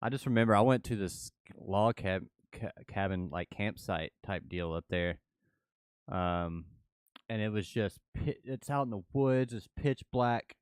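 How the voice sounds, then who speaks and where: Relaxed, low-voiced man telling a story. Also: measured pace, smooth, dry recording, studio quality. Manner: relaxed storytelling, laughs easily. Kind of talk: casual chat. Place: home, with kids in the house.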